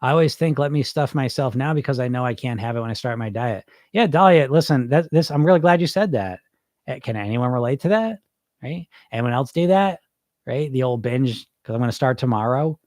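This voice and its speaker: A man's voice: mid-range voice, animated, fairly quick, darkish tone, no room sound, studio quality. A middle-aged man who coaches weight loss, talking informally and bluntly on a podcast, asking his listeners rhetorical questions. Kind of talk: live podcast talk answering listeners.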